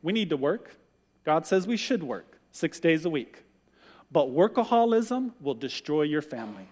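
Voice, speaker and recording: A male pastor preaching a sermon, an animated storyteller who acts out the voices he quotes. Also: fairly high pitch, moderate pace, big-room sound.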